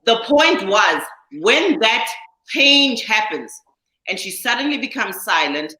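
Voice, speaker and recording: A woman hosting a podcast in casual chat, animated and laughing often as she reads from articles. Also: a little high, takes it slowly. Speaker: podcast host. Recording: roomy echo.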